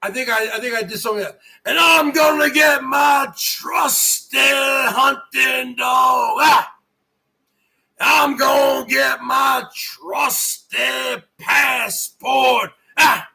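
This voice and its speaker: A man doing a hollering hoarse moose hunter. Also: very high voice, fairly even intonation, slow, exaggerated voice. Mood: boastful hollering. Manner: shouting, barking "huh?" between phrases. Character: loud boastful male moose hunter from Manitoba.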